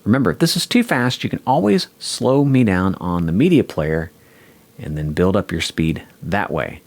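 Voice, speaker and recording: A man teaching a guitar lesson, calmly explaining and counting the beat aloud. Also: low-pitched, normal speed, no echo. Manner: calm explaining, counting beats aloud over a track. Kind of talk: instructional lesson.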